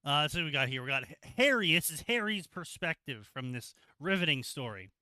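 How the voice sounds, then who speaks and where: A man's voice: on the high side, sing-song, a little fast, pushed and bright, no echo. A man co-hosting a livestream, giving sarcastic, rambling and crude casual commentary on a story he reads aloud, into a desk microphone. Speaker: co-host reading fanfiction aloud.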